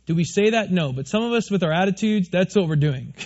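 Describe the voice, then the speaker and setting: A high-voiced male pastor preaches a lively, fast sermon from a church stage, often turning questions back to his congregation. The recording is slightly muffled and lo-fi.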